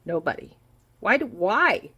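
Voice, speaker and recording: A woman in her forties venting in a casual monologue, blunt and quick to swear, repeating herself for emphasis. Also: mid-range voice, sing-song, pushed and bright, slightly rough, poor audio. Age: 40s. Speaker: vlogger. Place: home kitchen while food cooks. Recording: faint frying noise behind. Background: food sizzling in a pan.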